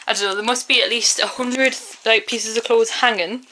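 A woman's voice: fairly high pitch, fairly even intonation, moderate pace, pushed and bright, a little hiss or hum, poor audio. A young woman chatting casually in a vlog, ranting in an exasperated way and saying "like" often. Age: young adult. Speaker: vlogger.

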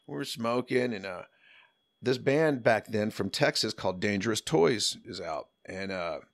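A man in his fifties, a podcast guest, telling animated and profane stories in a casual way. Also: on the low side, unhurried, vocal fry, dry recording. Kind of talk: casual storytelling.

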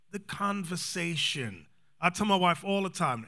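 A man teaching a scripture class in a lively, joking sermon style, acting out quotes. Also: sits high, fairly quick. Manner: animated, joking, acts out quotes, calls for readings.

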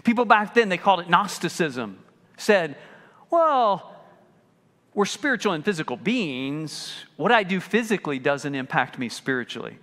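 Male pastor, high lively voice, bright tone, unhurried sermon, long church reverb. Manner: animated preaching, acting out quoted voices. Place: church sanctuary.

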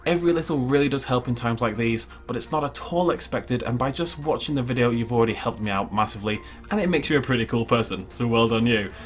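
A man's voice: medium pitch, quick pace, few pauses. A young man giving casual commentary as he plays a zoo game, chatting and cooing at the animals. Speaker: gaming channel host.

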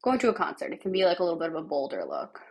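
A woman livestreamer with a raspy, smoker-like voice and a lingering cough, chatting casually through a makeup tutorial and narrating each step as she works, sometimes dropping to a near-whisper. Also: fairly low pitch, wildly swooping pitch, very fast. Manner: chatty, thinks aloud while working, drops to near-whispers.

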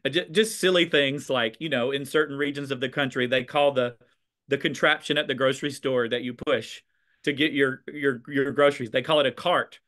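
A man from the American South with a Southern accent, chatting over a video call about teaching, expressive with a little sass. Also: mid-range voice, a little fast. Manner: expressive, a bit sassy, warm storytelling. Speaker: teacher and conversation host. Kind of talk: casual video chat.

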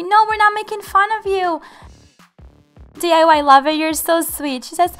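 A woman's voice: very high voice, normal speed, fairly bright tone, soft background music. A woman hosting a game channel, giving bubbly, giggly roleplay commentary to her viewers.

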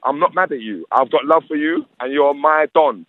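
A man's voice: fairly high pitch, moderate pace, hardly any pauses, dry recording, narrow, tinny audio. A man, a radio interview guest who rants emphatically and repeats his points. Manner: ranting, emphatic, repeats himself. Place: radio studio.

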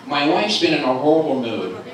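A man doing a stand-up comedy set in a club, loud, animated and teasing the audience. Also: a little high, moderate pace, very noisy. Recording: roomy club sound from a distant camera, crowd laughing. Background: audience laughter.

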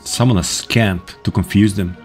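A man giving casual commentary over his own gameplay, excitable and swearing at enemies. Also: fairly low pitch, normal speed, over music. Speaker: gaming video host.

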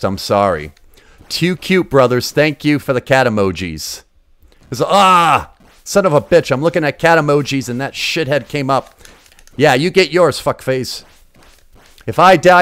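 Profane, excitable Boston man streaming games. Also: mid-range voice, no echo. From Massachusetts. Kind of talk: casual gaming livestream chat.

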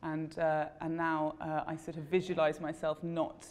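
A woman, an actor, telling a self-deprecating story about an audition in a casual, animated way, laughing at herself. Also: low voice, normal speed, long reverb tail. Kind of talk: casual anecdote to camera.

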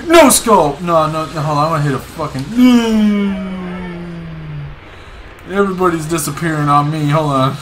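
A young man streaming a game, excitedly commenting, swearing and repeating words to himself. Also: on the high side, normal speed, a little hiss or hum. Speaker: gaming streamer. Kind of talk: casual gameplay commentary.

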